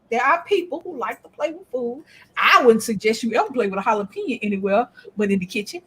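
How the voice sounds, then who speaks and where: Woman co-host, casual chat; blunt, profane, quick to laugh; high, expressive voice. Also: husky.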